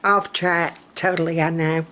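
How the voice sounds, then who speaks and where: A woman's voice: on the low side, steady tone, unhurried, pushed and bright. A middle-aged woman, chatting in a self-mocking, storytelling way. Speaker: vlogger. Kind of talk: casual chat.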